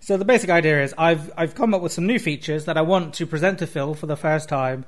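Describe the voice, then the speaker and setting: A man's voice: fairly high pitch, quick pace. A man co-hosting a comedy podcast, rambling along with gloomy mock jokes. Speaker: podcast co-host.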